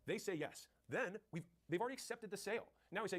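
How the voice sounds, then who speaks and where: A man's voice: high-pitched, lively intonation, fairly bright tone. A man coaching on sales in a punchy, direct way, acting out both sides of sales calls and answering questions. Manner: rapid, punchy, acts out sales dialogue. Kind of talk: fast sales coaching talk.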